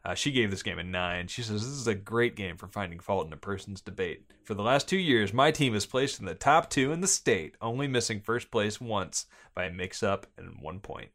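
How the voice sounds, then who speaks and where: A man's voice: on the low side, expressive, fairly bright tone. Man giving a hedged game review. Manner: measured, hedging, stammers and restarts. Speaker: podcast co-host reviewing board games. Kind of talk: casual chat.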